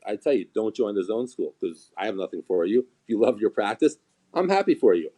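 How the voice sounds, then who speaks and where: A man's voice: fairly low pitch, a little fast. A man who is a chiropractor, chatting on a live stream and acting out patients' words as he tells stories. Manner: animated storyteller, acts out quoted patients. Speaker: chiropractor and seminar teacher. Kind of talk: casual live-stream chat.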